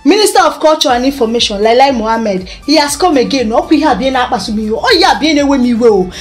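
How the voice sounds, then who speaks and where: A woman's voice: sits high, expressive, fast talker, faint music behind. A Nigerian woman hosting a news commentary show, ranting with exasperation, firing off rhetorical questions and mixing in Igbo phrases.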